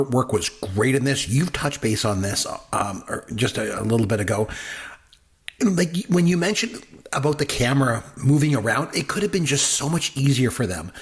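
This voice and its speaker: A man co-hosting a podcast, chatting casually and enthusiastically about a film, rambling with many fillers. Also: medium pitch. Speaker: podcast co-host, film reviewer. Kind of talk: casual movie review chat.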